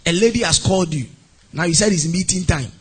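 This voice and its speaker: A Ghanaian man preaching a sermon as pastor, animated and sing-song, acting out little scenes. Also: high-pitched, brisk, breathy edge. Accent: Ghanaian English. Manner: animated, acts out mock phone calls and scenes.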